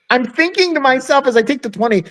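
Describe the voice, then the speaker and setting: A man's voice: extremely high pitch, a bit bright. A man co-hosting a podcast, telling a story in casual chat, laughing often and acting out what other people said. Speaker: podcast co-host.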